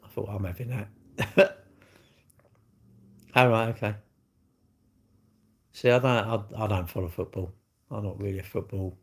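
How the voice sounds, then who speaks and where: Middle-aged English man, live-stream host; low, gravelly, rambling and cheeky. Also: fairly even intonation, measured pace, long pauses. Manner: rambling, cheeky, jokey banter with chat. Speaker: livestream host. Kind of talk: casual live-stream chat.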